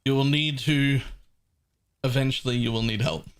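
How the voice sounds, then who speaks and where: An Australian man in his thirties chats through a live game stream from his home setup. He talks in a blunt, wisecracking way and swears freely. His voice sits at an ordinary mid pitch. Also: steady tone, moderate pace, clean tone. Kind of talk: casual live-stream chat. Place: home gaming room.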